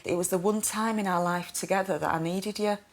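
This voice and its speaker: A woman's voice: mid-range voice, steady tone, brisk. A mother in a counselling session, crying as she speaks to her husband in a tearful, pleading and reproachful way. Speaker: mother in family therapy. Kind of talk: emotional confrontation in counselling.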